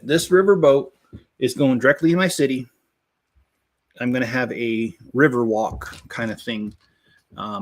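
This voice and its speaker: A man in easy, casual chat as he builds, at a middling pitch. He rambles through jokes with plenty of "uh" and "you know", and stops to greet viewers by name. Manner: rambling, joking storyteller with many fillers. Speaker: channel host building a toy set.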